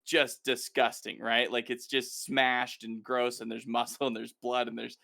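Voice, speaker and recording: A male podcast host chatting casually, retelling scenes with lively, acted-out asides. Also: medium pitch, creaky, slight background noise. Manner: animated storyteller, quick to act out quotes. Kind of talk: casual chat recapping a TV episode.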